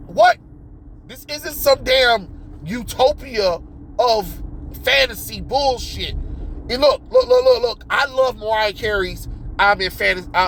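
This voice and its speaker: High-voiced man ranting, loud and profane. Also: a little hiss or hum, rough recording. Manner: loud, exasperated, swears constantly, shoots up to yelps. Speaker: video commentator.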